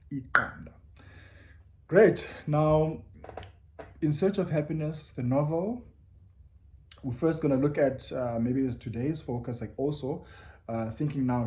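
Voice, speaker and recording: A man leads a pronunciation lesson at an everyday mid pitch. He is patient and repetitive, sounding out words slowly syllable by syllable and asking listeners to say them with him. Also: mellow, slight background noise. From South Africa. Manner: patient, drills words syllable by syllable with many repeats; invites listeners to repeat along. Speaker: language teacher.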